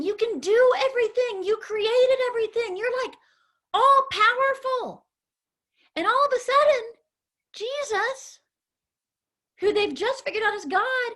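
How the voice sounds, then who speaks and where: A woman leading a children's Bible lesson, animated and encouraging, calling on the children by name. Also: very high-pitched, unhurried. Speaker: children's ministry teacher.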